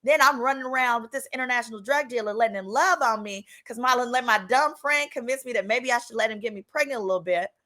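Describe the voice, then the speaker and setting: Woman, 30s, from Texas, storytime host; bright, slightly high voice, chatty and animated. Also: fast talker, few pauses. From Texas, United States. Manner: animated, chatty, acts out the people she quotes. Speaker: lawyer and channel host. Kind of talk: casual storytime monologue.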